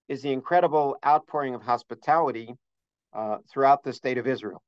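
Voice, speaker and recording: A man's voice: mid-range voice, dry recording. A middle-aged man teaching a scholarly holiday lesson, earnest and detailed in citing sources, with frequent uhs. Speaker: religious teacher. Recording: dull, dry lo-fi recording.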